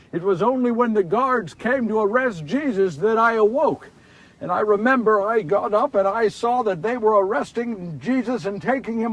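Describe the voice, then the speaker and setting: The remorseful apostle Peter, a grown man confessing his failure, as an actor plays him, in a very high, husky voice that sits a little away from the microphone. He talks in a confessional way, dropping to a hush and then rising to impassioned outbursts. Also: recorded from a distance, exaggerated voice. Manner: confessional, swinging from hushed to impassioned. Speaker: actor in a one-man biblical portrayal. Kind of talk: dramatic first-person monologue.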